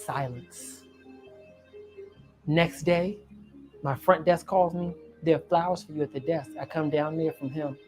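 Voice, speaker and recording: A woman's voice: sits low, steady tone, unhurried, long pauses, darkish tone, soft background music. A woman telling a personal story, dramatic and vivid, acting out each scene and calling the listener honey. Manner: dramatic, acts out scenes and voices.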